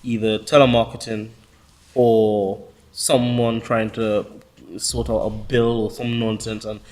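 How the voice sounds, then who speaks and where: A man's voice: lowish voice, little pitch movement, measured pace, darkish tone. A man hosting a casual discussion, eager and rambling, with many fillers.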